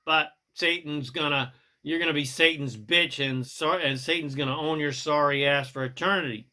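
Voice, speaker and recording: A man's voice: a little high, normal speed, bright, forceful tone. A man voicing a crude, gloating male savior who threatens sinners, in a mocking and profane way.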